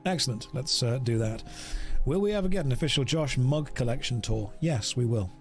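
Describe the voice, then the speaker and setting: A man's voice: medium pitch, animated, brisk, faint music behind. A man chatting casually on a live game stream, joking and reading chat aloud into a desk microphone.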